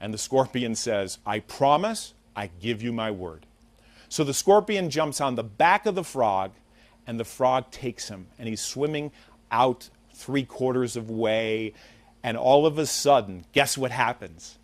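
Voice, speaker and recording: A man's voice: medium pitch, lively intonation, a little slow, no room sound. A man hosting a talk show, giving an earnest, preachy motivational monologue and telling a fable.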